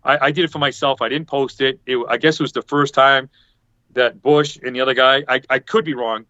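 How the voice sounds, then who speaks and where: A man's voice: medium pitch, fairly even intonation, a little fast, pushed and bright, dry recording. A man telling a rambling story in a casual chat over a video call, acting out what other people said. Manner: rambling, acts out quoted people. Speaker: podcast panelist. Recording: dull lo-fi video call audio.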